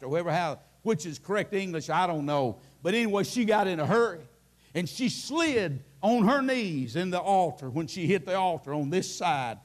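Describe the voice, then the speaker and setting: High-voiced preacher, impassioned. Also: male voice. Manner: impassioned, climbing into shouting at the peaks; folksy storytelling with many restarts. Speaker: Baptist preacher. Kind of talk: sermon. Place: church.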